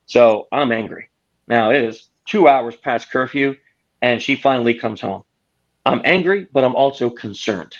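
A man's voice: mid-range voice, breathy edge. Man telling stories, slightly dull sound. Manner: explains with stories and acted quotes. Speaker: guest author. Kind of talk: conversational interview.

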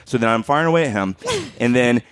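A man's voice: medium pitch, lively intonation, quick pace, smooth, no echo. A man telling a funny story in casual chat, acting out quotes and laughing often.

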